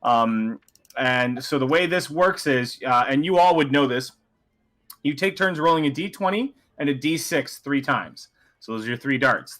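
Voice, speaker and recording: A man's voice: medium pitch, bright, forceful tone. A man running a casual tabletop game as game master, explaining rules in rambling, self-correcting bursts.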